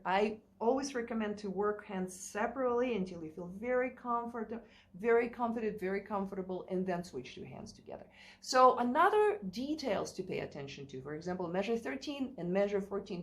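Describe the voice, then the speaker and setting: A woman teaching a play-along piano lesson in a chatty way, thinking aloud and singing rhythms. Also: mid-range voice. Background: piano playing.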